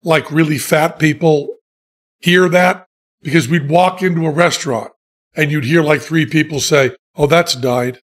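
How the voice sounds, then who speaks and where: A man telling funny stories in casual chat, deadpan and self-mocking, laughing at his own jokes. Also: a little high, normal speed. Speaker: podcast guest telling stories.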